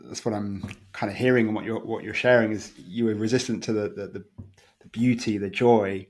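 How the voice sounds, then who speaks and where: Man, podcast host, low-ish pitch, candid, searching, stumbling speech. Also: steady tone, brisk. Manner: candid and searching, with many stumbles and soft laughs. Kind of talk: open conversational chat.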